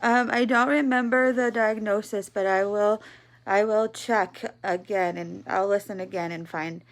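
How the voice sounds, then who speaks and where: A woman in her thirties talking in a personal video diary from home, halting and tearful, with many pauses and ums. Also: mid-range voice, steady tone. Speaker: vlogger, patient. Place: at home, in bed.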